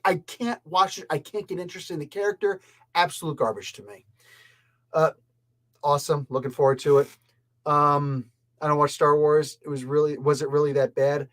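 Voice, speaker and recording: A man from Canada hosting a casual review show, talking in an exasperated, rambling, emphatic way. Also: a little high. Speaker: comic and pop culture reviewer.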